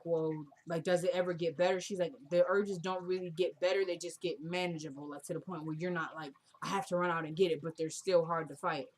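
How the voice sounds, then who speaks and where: A woman casually recapping a TV drama episode, retelling scenes by quoting the characters in a soft murmur. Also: lowish voice. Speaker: TV recap vlogger.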